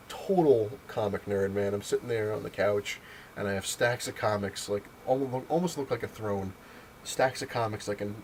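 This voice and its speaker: Man, low voice, rambling casual comic review with a lot of fillers; faint hiss in the recording. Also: poor audio. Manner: rambling, lots of fillers and retold dialogue. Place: home, on a couch.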